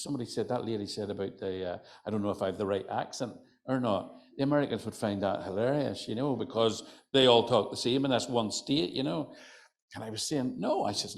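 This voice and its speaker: A man's voice: mid-range voice, creaky. An older man from County Antrim with an Antrim accent, telling humorous folk stories to a live audience in a chatty, teasing way. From County Antrim, Northern Ireland. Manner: chatty, teasing, lots of "you know". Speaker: folklorist storyteller. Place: hotel function room.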